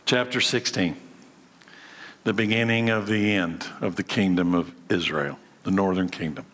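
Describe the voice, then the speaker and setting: A man's voice: sits low, normal speed, fairly bright tone, in a large hall. A man preaching a sermon, asking many rhetorical questions and acting out the dialogue in the story. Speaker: pastor.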